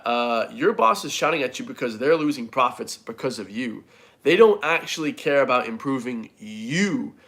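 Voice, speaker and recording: A man's voice: medium pitch, fairly bright tone. A man gives a casual motivational rant to his viewers. He is blunt and swears freely, and he keeps throwing in "guys" and "bro" as he talks. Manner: blunt, swears a lot, says "guys" constantly. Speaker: fitness vlogger.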